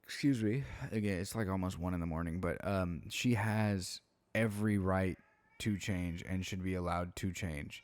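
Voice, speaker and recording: Tired, deep-voiced man rambling late at night. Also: normal speed, dry recording. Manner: laid-back, slangy, rambling with frequent fillers. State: tired, yawning. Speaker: commentary YouTuber. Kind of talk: late-night casual commentary.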